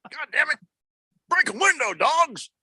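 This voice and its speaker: A man voicing a gruff, angry drill sergeant who shouts orders, as a comic radio bit. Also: very high-pitched, very animated, a little slow, no echo, clean studio sound, pitched above the performer's own voice, exaggerated voice. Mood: barking orders.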